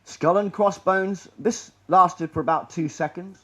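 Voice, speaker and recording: A man with a slightly raised pitch talks his way through a slideshow. He rambles and restarts, and his sarcasm runs through the whole talk. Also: measured pace, bright, forceful tone. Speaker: conspiracy lecturer.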